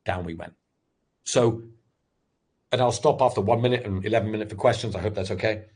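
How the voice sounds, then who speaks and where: A middle-aged man giving a candid, animated webinar talk on pitching, full of restarts as he tells his story. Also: brisk, slightly rough. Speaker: sales expert and former startup founder.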